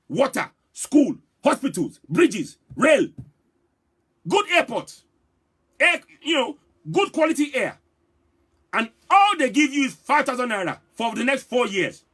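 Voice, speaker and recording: Husky high-pitched Nigerian man, impassioned. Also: very animated, normal speed, fairly bright tone. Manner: impassioned, repetitive, challenging. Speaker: political vlogger. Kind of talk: live political commentary.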